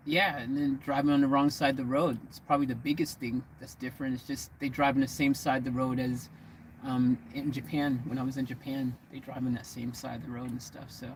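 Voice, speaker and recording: American man, vanlife vlogger, casual and rambling, medium pitch, faint vehicle noise behind. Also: rough recording. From United States. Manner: chatty, meandering, self-correcting. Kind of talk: casual chat to camera. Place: living in a vehicle.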